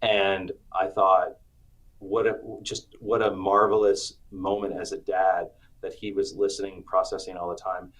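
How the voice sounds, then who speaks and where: A middle-aged man, an author being interviewed, telling personal stories with animated acted-out quotes. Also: deep voice, a little slow, rough recording. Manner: animated storyteller, acts out quotes. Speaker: author and guest. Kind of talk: storytelling interview chat.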